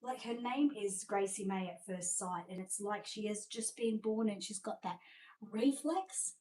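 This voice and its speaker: A woman's voice: mid-range voice, unhurried, mellow, poor audio. Australian woman, seller-host, chatty and effusive live showcase delivery. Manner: chatty and gushing, many fillers. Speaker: seller presenting reborn dolls.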